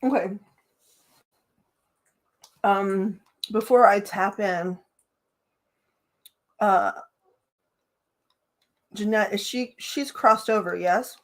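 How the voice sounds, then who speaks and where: A woman's voice: mid-range voice, very slow, long pauses, fairly bright tone. Hiccuping woman doing a chatty live reading. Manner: chatty, giggly, talks to viewers by name. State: has the hiccups. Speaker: tarot reader. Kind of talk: live-stream reading, casual chat.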